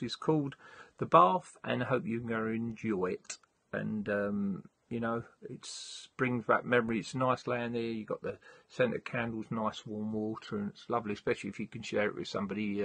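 Man, host, husky voice, chatty, casual talk and poem reading, dry close sound. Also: lowish voice, no echo. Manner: chatty, laughs easily, warm poem recital.

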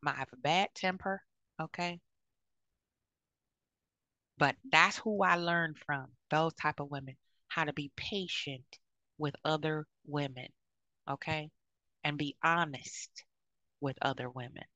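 A woman's voice: low voice, slow, long pauses, pushed and bright, no room sound. A woman in her fifties giving blunt, outspoken advice to other women, often checking in with "okay?". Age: 50s. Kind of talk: frank advice monologue.

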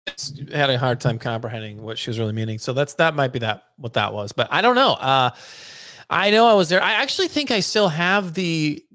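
Deadpan man with a lively voice. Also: fairly high pitch, brisk, no room sound. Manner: dry, deadpan ribbing. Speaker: podcast co-host. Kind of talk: casual chat.

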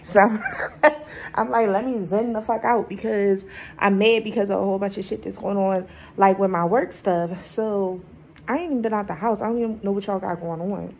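Speaking at a moderate pace with fairly even intonation, a young Philly woman tells an angry story about a run-in at her door, swearing and performing the dialogue. She's vlogging indoors at home on a rough recording with slight background noise.

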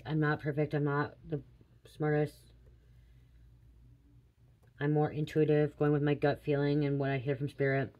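A woman's voice: low voice, monotone, moderate pace, pauses often, dull audio. A woman in her late thirties doing a casual psychic reading, rambling and confiding with casual swearing. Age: 30s. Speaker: tarot reader.

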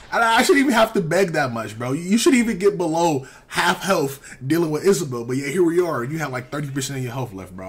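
Young male gaming commentator, casual and slangy, exasperated, lively pitch swings. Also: a little hiss or hum. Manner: animated, exasperated, heavy slang, frequent repeats.

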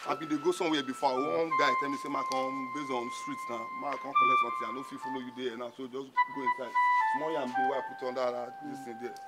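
A man's voice: mid-range voice, flat delivery, quick pace, natural voice. An actor playing a friend who consoles a grieving man, talking soothingly in Nigerian Pidgin over film music. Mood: consoling. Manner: soothing, persuasive Pidgin talk. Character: older friend consoling, steady male elder. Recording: film soundtrack with loud music.

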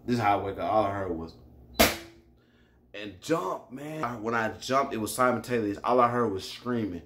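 A man telling a personal story in a casual vlog, animated and profane, often turning to address his listeners directly. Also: on the low side, moderate pace, very noisy.

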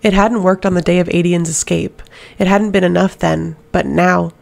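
A woman narrating an audiobook in a steady, measured way. Her voice is fairly low and carries a gravelly fry. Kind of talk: scripted narration.

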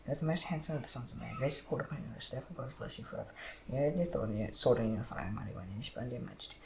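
A man reads scripture aloud quickly, with a gravelly edge to his voice. The room is echoey and a steady background noise runs underneath. He stumbles and restarts now and then. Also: medium pitch. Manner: steady reading with slips and restarts. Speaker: Bible reader.

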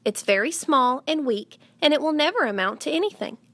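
A woman voicing a practical farm mother who speaks in a calm, matter-of-fact way. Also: sits high, fairly quick, dry recording, pitched above the performer's own voice.

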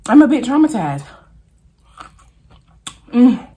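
A woman food vlogger talking casually to camera while eating, animated and exclaiming, chanting at a spinning wheel. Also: medium pitch, slow, pauses often.

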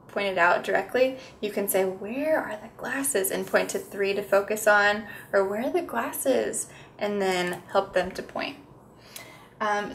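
A woman's voice: mid-range voice, a bit bright, a little hiss or hum. A young woman speech therapist explaining how to read picture books with toddlers, slipping into sing-song, exaggerated sounds for children. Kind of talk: instructional demonstration.

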